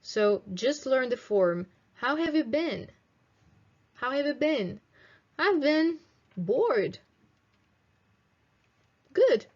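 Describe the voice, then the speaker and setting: A young woman teaching English in a video lesson, slowly modelling phrases for students to repeat. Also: sits high, big pitch swings, darkish tone, highs cut off. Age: 20s. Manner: slow, clear teaching delivery with drilled example phrases.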